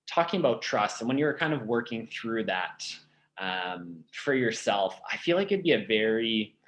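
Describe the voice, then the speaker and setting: A man's voice: on the low side, fairly bright tone. A man hosting a podcast, talking in a reflective, meandering way with many fillers. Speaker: podcast host. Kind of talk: casual conversation.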